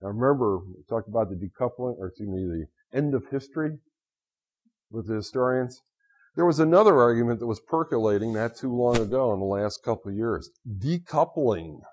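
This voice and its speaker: A middle-aged man lecturing on finance to a class, telling lively anecdotes and acting out quotes, in a dull lo-fi recording. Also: medium pitch, a little fast, slightly rough. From United States.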